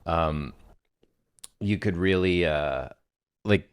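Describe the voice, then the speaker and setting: Deep-voiced young man musing. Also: extremely slow, clear, resonant tone, no room sound. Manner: easygoing, thinks aloud with fillers. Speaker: podcast co-host. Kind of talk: casual brainstorming chat.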